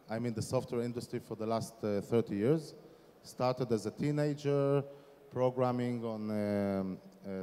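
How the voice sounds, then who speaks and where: Man, Israeli accent, 40s, warm voice, conference talk, long reverb of a big hall. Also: medium pitch, smooth. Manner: informal, self-deprecating, with frequent fillers. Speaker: startup founder giving a conference talk. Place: conference startup stage in a large hall.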